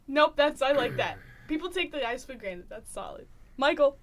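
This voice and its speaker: A young woman co-hosting a casual chat podcast, her voice pitched somewhat high. She is chatty, laughs easily and jumps in often. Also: lively intonation, normal speed. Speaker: podcast co-host.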